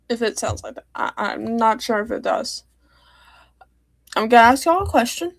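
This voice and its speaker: Teen girl streamer venting in a hurt ramble; slightly high voice with vocal fry. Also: expressive, normal speed, pauses often, no room sound. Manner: hurt, rambling, many fillers and restarts. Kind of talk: upset personal livestream talk.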